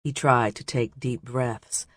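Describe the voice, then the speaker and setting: In a steady, measured storytelling voice, a man narrates an adventure audiobook from a script. His voice is mid-range, and the studio-quality recording carries no room sound.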